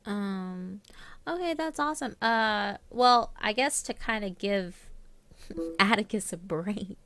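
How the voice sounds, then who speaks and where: A woman's voice: mid-range voice, animated, slow pace, fairly bright tone, dry recording. A woman hosting a live stream, chatting casually and greeting viewers by name. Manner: chatty, reads out viewer names. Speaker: streamer host.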